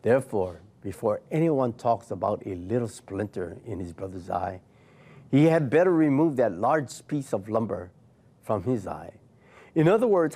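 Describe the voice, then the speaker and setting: A man's voice: mid-range voice, mellow. A middle-aged man giving a sermon, preaching with swooping rises and falls. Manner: preachy, swooping rise and fall.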